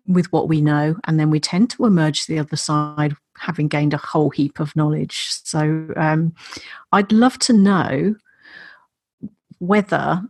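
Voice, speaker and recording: A woman's voice: low-pitched, measured pace, a little mellow, slightly rough, dry recording. A woman hosting an interview, asking her question thoughtfully and searching for words. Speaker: host.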